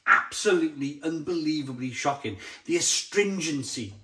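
A man's voice: on the high side, animated, moderate pace, pushed and bright. A man reviewing a beer to camera in a blunt, exasperated way, often stumbling and repeating himself. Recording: roomy echoey sound.

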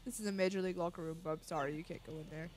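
A woman's voice: lowish voice, fairly even intonation, very fast, darkish tone, faint music behind, pitched below the performer's own voice, natural voice. A woman voicing a curt male door guard at a fighting arena, reading game dialogue aloud. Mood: gruff. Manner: curt, calls everyone bub.

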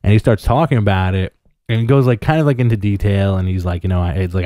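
Low-voiced guy from new york, rambles on with lots of likes and ums, dry close mic. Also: steady tone, quick pace, mellow, no room sound. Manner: rambling, filler-heavy storytelling. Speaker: podcast co-host. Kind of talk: casual chat.

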